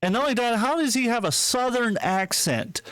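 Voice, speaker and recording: A man hosting a casual podcast chat, talking in a profane, incredulous and excitable way. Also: very high-pitched, normal speed, clean tone, no room sound. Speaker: podcast host.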